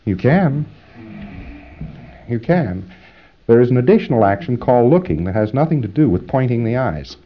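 A man's voice: mid-range voice, expressive, fast talker, few pauses, muffled recording. A man giving an instructional lecture, rambling and emphatic, acting out drills as he explains.

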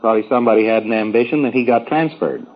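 A man's voice: medium pitch, rapid-fire, highs cut off. A man giving a rambling, folksy, informal lecture to trainees, with wry asides.

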